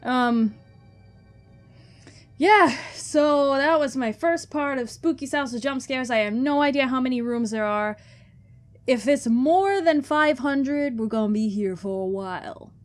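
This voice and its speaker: A woman with a slightly high voice narrates her own horror-game playthrough in a slow, unhurried way. She curses freely and talks straight back at the game as if it could hear her. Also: soft background music. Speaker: let's play gamer. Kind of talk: casual gameplay commentary.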